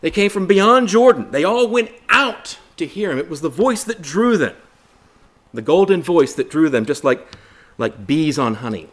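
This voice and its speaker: Male Bible study preacher, earnest and rhetorical, with a lively voice that rises and sinks a lot. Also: fairly high pitch, moderate pace. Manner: earnest, rhetorical questions, repeats phrases for emphasis; addresses listeners as brothers and sisters.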